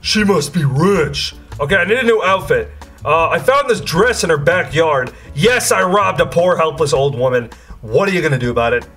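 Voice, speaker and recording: A young man hosting gameplay commentary with excitable, crude, jokey banter. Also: on the high side, normal speed, soft background music. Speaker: gaming video host.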